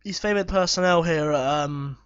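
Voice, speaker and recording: A man commentating live on his football management game, excitable and swearing when chances are missed. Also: high voice, normal speed, clear, resonant tone, no echo, lo-fi sound. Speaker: gaming YouTuber.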